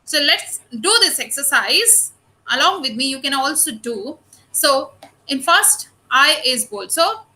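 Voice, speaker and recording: A woman teacher with an Indian English accent giving an online lecture, explaining slowly and addressing her students often. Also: high voice, animated, sharp tone, rough recording.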